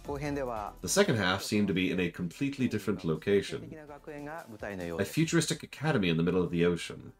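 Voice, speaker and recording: A man's voice: low-pitched, sing-song, a little fast, long pauses, over music. An exaggerated accented male announcer, as a streamer puts him on, reads out subtitles in a stiff, over-formal manner.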